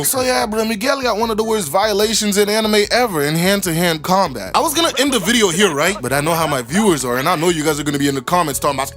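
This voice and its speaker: A man giving a profane, animated, comedic anime recap commentary with laughing asides. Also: high voice, fast talker, few pauses, faint music behind.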